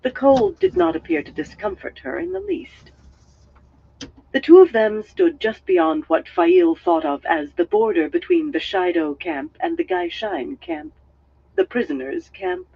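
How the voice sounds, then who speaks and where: A man reads a fantasy novel with a sing-song delivery that swoops high and low. His voice is high for a man, gravelly and husky, on dull lo-fi stream audio. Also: wildly swooping pitch, a little slow. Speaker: audiobook reader.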